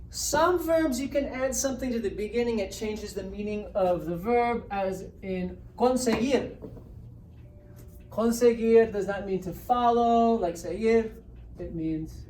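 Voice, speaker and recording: A woman's voice: mid-range voice, slow, pauses often, a little mellow. A woman teaching a Spanish grammar lesson, explaining step by step and often checking in with "right?". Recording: roomy echo, distant mic, faint hiss.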